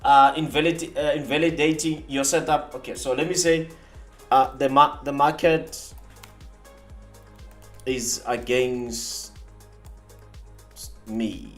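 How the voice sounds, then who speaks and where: A man hosting a live trading stream, talking casually and boastfully while demonstrating software. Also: on the high side, normal speed, roomy sound, faint music behind. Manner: animated, boastful, teasing rivals.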